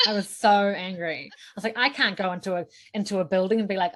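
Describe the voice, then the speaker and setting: A woman's voice: mid-range voice, animated, brisk, a bit bright. A young woman speaking as a podcast guest, chatting casually in a frank, sarcastic, joking way. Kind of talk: casual chat.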